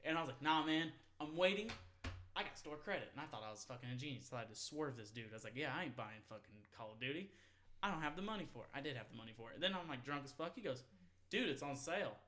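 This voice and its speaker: Twenties male podcast host, slightly high-pitched, loose and profane, rambles through stories with frequent laughter. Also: lively intonation, quick pace, bright, forceful tone, slight background noise. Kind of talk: casual storytelling chat.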